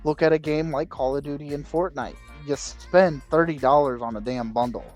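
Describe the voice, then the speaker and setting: A man with a somewhat high voice co-hosts a gaming podcast, rambling through his point and cursing lightly when he loses it. He talks in relaxed casual chat. Faint music sits in the background. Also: moderate pace. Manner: rambling, loses his train of thought, mild swearing. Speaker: podcast co-host.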